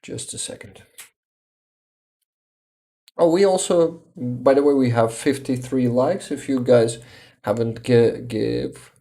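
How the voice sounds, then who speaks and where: Man, Ukrainian accent, exhausted, halting restarts, dark low-key voice, unhurried. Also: vocal fry. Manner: halting, searches for words, frequent restarts. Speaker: livestream host. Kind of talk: casual livestream chat.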